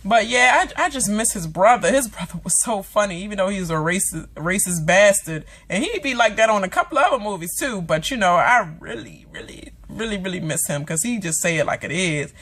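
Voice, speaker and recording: A woman's voice: mid-range voice, lively intonation, brisk, hardly any pauses, a bit bright, slightly rough. A woman talking straight to her viewers in a loose, chatty rant. She is dramatic and swears freely, drops lots of fillers and asides, and slips into voices for the characters she describes. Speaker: vlogger reviewing a TV episode. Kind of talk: casual reaction rant.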